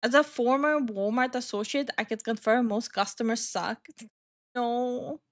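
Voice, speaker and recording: A woman's voice: on the high side, fairly even intonation, measured pace. Stuttering, swearing streamer woman. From New Jersey, USA. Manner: stutters, swears often, reacts out loud. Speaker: streamer reading chat. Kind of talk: casual live-stream chat.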